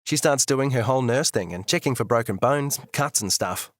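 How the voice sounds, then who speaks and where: A man narrating a first-person audiobook in an expressive, bitter, candid way. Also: medium pitch, normal speed, no echo, clean studio sound.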